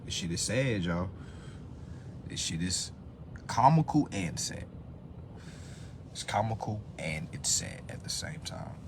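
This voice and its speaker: A man hosting a live phone stream in a profane rant, dropping to low muttering and then bursting into loud, high-pitched shouts. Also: animated, slow, gravelly, long pauses, noisy background. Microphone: phone on a social live stream.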